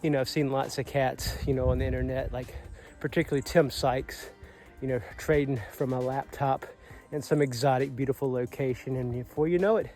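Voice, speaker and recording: A man's voice: mid-range voice, steady tone, fairly quick, darkish tone, faint music behind. A man in his late forties giving an earnest, motivational vlog talk outdoors, swearing casually. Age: 40s. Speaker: vlogger. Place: outdoors on a Caribbean island.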